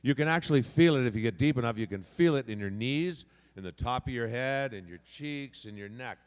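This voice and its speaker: A man on a convention panel explaining voice acting, animated and showing off different voices as he talks. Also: mid-range voice, brisk, clean tone. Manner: animated, demonstrates voices by moving resonance around. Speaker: voice actor panelist. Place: convention hall. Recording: long hall reverb.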